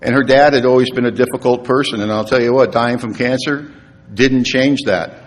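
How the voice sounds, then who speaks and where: A man's voice: medium pitch, moderate pace, a little hiss or hum. Middle-aged man telling a story in a reverberant hall. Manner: earnest storytelling, acts out voices in quotes, drops to hushed tones. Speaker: AA speaker. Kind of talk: personal recovery talk to an audience. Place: meeting hall.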